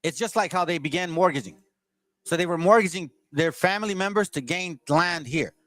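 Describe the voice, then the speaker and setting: A man's voice: fairly high pitch, brisk, fairly bright tone. A man hosting his channel, reading aloud from a history book and stopping to argue with his audience in a combative, lecturing way. He stumbles and restarts as he reads. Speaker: channel host.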